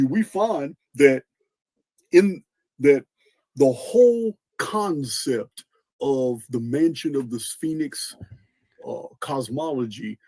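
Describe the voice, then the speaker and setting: Man, lecturing podcast host, husky, warm, dry-sounding, repeats words, clears throat. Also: medium pitch, no room sound. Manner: earnest explainer, repeats and restarts words, spells out names. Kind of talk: lecturing monologue.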